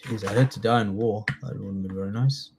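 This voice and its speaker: A man's voice: lowish voice, brisk, gravelly, background noise. Casting note: man in his thirties, chatty online quiz tutor who jokes and reads out answer options. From United Kingdom. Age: 30s. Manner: chatty, jokey, reads out multiple-choice options and praises students by name. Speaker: citizenship test tutor. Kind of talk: live online quiz lesson.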